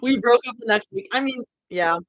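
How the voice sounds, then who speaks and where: A woman's voice: fairly high pitch, brisk, no room sound, low-quality recording. Young woman streamer, casual live reader, giggly and chatty, keeps drifting off topic, close dry sound. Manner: giggly, chatty, easily sidetracked. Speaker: streamer reading fan fiction live. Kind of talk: casual live reading and chat.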